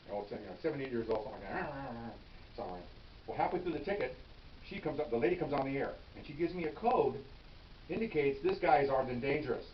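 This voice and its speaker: An older man, a retired police officer, tells a story from his patrol days in a quick, conversational way. He acts out each line of dialogue and keeps adding "okay?" asides. The sound is roomy and distant, dull and a little lo-fi, with a faint hiss. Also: mid-range voice, lively intonation. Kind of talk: casual anecdote storytelling.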